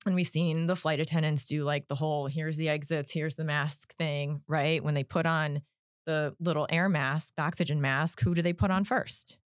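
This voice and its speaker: Brief: woman psychologist guest, low voice, earnest explainer, dry sound. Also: steady tone, normal speed, dry recording. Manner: earnest, explanatory, keeps checking in with "right?". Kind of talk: casual podcast chat.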